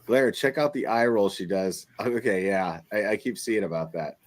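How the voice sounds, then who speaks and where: A man's voice: on the low side, moderate pace. A man streaming live, mocking and swearing as he goes over comments. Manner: mocking and profane.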